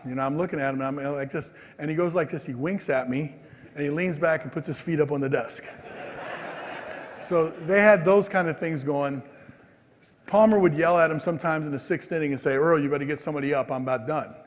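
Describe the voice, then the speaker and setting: A man in his sixties giving a conference speech, telling stories in a lively way and acting out the people in them. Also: fairly high pitch, moderate pace. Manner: animated, acts out quoted people. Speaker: keynote speaker. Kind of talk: storytelling speech. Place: large convention hall. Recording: long hall reverb.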